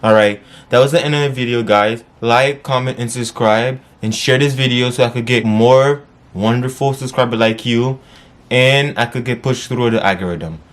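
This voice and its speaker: A man vlogging, wrapping up a story time in a casual, cursing way with sudden high yelps. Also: moderate pace. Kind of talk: story time, then sign-off.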